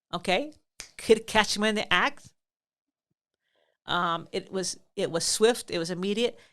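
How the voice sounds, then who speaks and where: A woman's voice: on the low side, a little slow, creaky, fairly bright tone. A middle-aged woman hosting a podcast, telling a family story in a chatty, rambling way with many fillers. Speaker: podcast host. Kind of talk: casual storytelling.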